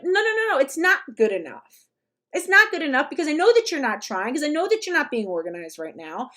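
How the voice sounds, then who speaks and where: A commentary vlogger with a very high-pitched voice rants through her reaction commentary, blunt, emphatic, and swearing freely. Her pitch swings widely, her pace is fairly quick, and the sound is a bit bright. Every so often she mocks people with short put-on quotes.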